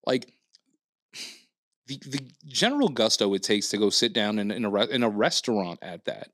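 A podcast co-host spins a long story in casual conversation, animatedly acting out quotes, swearing a lot, and using plenty of fillers. His voice is fairly low and he talks at a normal speed. The studio-quality recording has no room sound.

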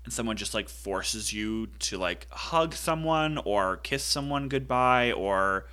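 Animated, laughing male podcast co-host. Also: on the low side, takes it slowly. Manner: laughs often, animated and playful. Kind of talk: casual chat recapping a film.

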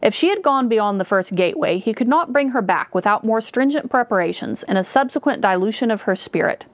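A woman narrating a dark fantasy story in a measured storytelling manner. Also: fairly high pitch, expressive, dry recording. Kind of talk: audiobook narration. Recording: dull, dry recording.

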